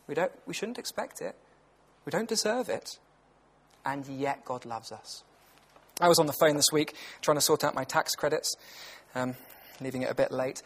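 British male preacher, husky, fairly high voice, chatty and earnest, thirties. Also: fairly bright tone. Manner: conversational, anecdotal, earnest. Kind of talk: lunchtime Bible talk.

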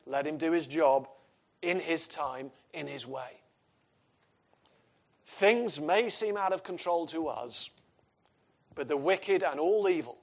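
A man preaching an expository sermon, earnest and emphatic, asking his listeners questions. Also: fairly high pitch.

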